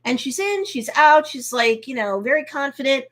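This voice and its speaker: A woman hosting a casual live review of a TV episode, recapping scenes in a lively way, acting out the characters' reactions, and slipping into motherly advice. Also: sits high, moderate pace. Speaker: host and TV reviewer.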